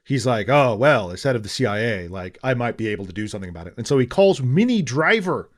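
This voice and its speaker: A man's voice: mid-range voice, big pitch swings, fast talker. A man co-hosting a podcast, chatting casually about a movie and acting out lines from its scenes as he rambles. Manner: rambling, acts out quotes from scenes. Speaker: podcast co-host. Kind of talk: casual movie review chat.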